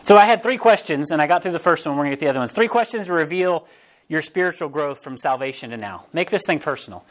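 A man preaching a sermon as pastor, in a casual, animated way, often restarting phrases and briefly acting out quotes. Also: on the high side, fast. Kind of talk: conversational sermon.

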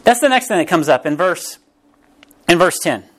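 A man preaching a sermon as pastor, in a casual, animated way, often restarting phrases and briefly acting out quotes. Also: on the high side, moderate pace. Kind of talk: conversational sermon.

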